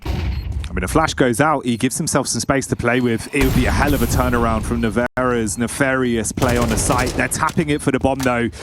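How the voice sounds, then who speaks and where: A man's voice: mid-range voice, brisk, noisy background. A man doing laid-back colour commentary on an esports match, full of joking banter. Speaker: esports caster.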